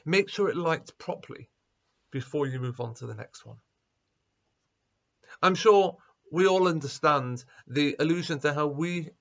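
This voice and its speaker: A man speaking as a rabbi at a school assembly, telling a story with lively quoted dialogue. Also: a little high, highs cut off. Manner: animated storyteller, acting out quoted voices.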